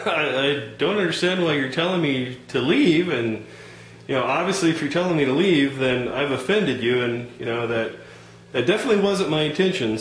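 A man playing a calm, polite customer who hesitates and fills his sentences while growing frustrated in a comedy sketch. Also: mid-range voice, echoey room, a little hiss or hum, lightly acted, rough recording. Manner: calm, hesitant, over-polite, lots of fillers.

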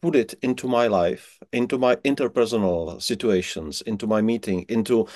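A man with a lowish voice hosts an interview, putting his questions politely and haltingly as he hunts for words. The recording is dry and close. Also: a little mellow, dry recording. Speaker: talk show host.

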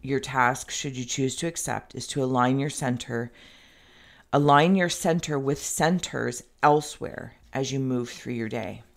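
A woman talks the viewer through a tarot reading in a rambling, meandering way, with plenty of "like." Her voice has a gravelly, creaky edge. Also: very deep voice, a little slow. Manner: speaks directly to the viewer. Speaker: tarot reader.

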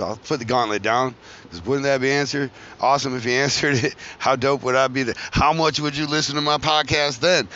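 A man's voice: medium pitch, a bit bright, a little hiss or hum. A man hosting a podcast, rambling casually from one tangent to the next, joking and swearing freely. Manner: joking, profane, wanders between tangents. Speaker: podcast host. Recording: dull lo-fi recording.

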